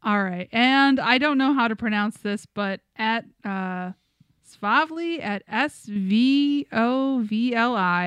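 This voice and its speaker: A woman's voice: on the high side, fairly bright tone, clear, resonant tone, no room sound. A woman co-hosting a casual comedy podcast who laughs often while reading comments and telling stories. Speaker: podcast co-host.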